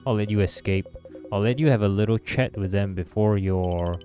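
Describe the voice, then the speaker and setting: Man doing a mocking godlike creator villain, condescending, low voice, faint music behind. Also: normal speed, mellow, lightly acted.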